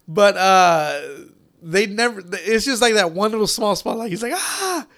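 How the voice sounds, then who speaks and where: A man chatting casually about movies, animated, swearing freely and acting out scenes. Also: high voice, normal speed. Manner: animated, swears a lot, acts out movie lines loudly.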